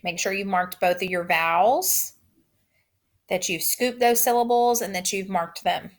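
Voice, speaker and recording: A woman teacher giving a recorded phonics lesson, saying each word twice in slow, drawn-out dictation. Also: mid-range voice.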